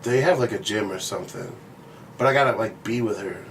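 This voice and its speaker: A man's voice: lowish voice, a little fast, creaky, fairly bright tone. Laid-back swearing man, distant mic. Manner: laid-back, swears a lot, laughs while talking. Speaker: podcast co-host. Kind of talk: casual chat. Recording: distant mic with faint noise.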